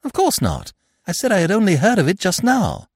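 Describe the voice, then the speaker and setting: A man's voice: high-pitched, huge pitch swings, fairly quick, no room sound, studio quality, voice pushed up, full character voice. A man reading the part of an earnest young woman who speaks directly and firmly. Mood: astonished. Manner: pleading, insistent.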